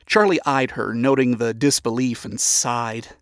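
A man giving a steady, even reading as the narrator of a story. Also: medium pitch, a little slow, clean tone, no echo, studio quality.

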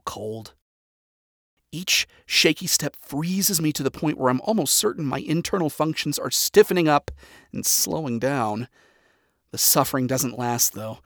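A man reading a first-person story aloud, with sarcastic, profane, deadpan asides. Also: medium pitch, no echo, clean studio sound. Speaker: story reader.

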